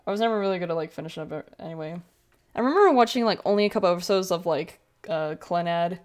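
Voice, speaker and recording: A woman's voice: lowish voice, expressive, fast talker, darkish tone. A woman in her twenties chatting casually while drawing on a livestream, rambling along with lots of fillers and self-corrections. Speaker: streamer.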